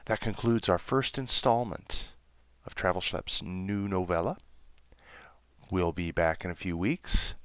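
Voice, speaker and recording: A man hosting a podcast, reading a children's novella aloud in a measured storytelling manner. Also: low-pitched, no echo. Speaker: podcast host.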